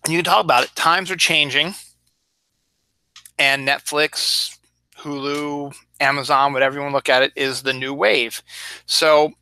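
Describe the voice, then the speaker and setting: Bright, crisp-voiced rambling man. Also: a little high, fairly even intonation, moderate pace, no room sound. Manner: rambling, chatty, acts out little quoted asides. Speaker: podcast host. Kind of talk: casual solo chat.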